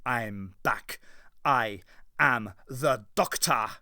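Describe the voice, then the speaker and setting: A defiant time traveller, as a man voices him in an audiobook speaks in measured, commanding tones and taunts his foe with cold scorn. The sound is close and dry. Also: mid-range voice, sharp tone, dry recording, full character voice. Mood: resolute.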